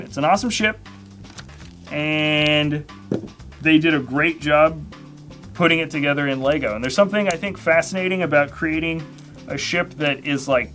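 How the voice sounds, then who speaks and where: Male streamer, slightly high voice, rambling chatty build talk, faint music behind. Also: a bit bright. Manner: rambling, self-correcting, chatty. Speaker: livestream host. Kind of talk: casual live unboxing chat.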